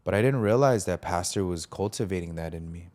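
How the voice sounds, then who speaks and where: A man's voice: sits low, a little fast. A man, a preacher, telling his story in a casual interview, earnest and reflective, bringing past conversations to life as he speaks. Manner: animated retelling, acts out quoted dialogue. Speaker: preacher and podcast guest.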